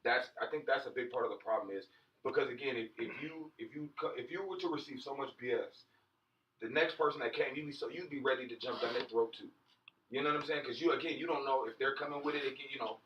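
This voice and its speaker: Fast-talking man, distant roomy mic. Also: mid-range voice, a little hiss or hum. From US West Coast. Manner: animated storytelling, repeats "you know what I'm saying". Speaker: podcast co-host. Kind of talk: casual chat. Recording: dull, roomy, off-mic sound.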